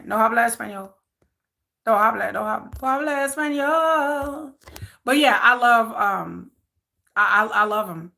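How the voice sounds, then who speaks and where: A woman's voice: a little high, vocal fry, sharp tone. A woman vlogger chatting casually on a livestream, rambling and repeating herself as she answers viewer comments.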